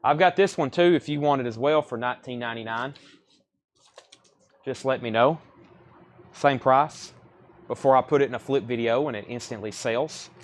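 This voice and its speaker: A man's voice: mid-range voice, moderate pace, long pauses. A man hosting a live record sale stream, rattling off titles and prices with casual asides. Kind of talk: live sales stream chat.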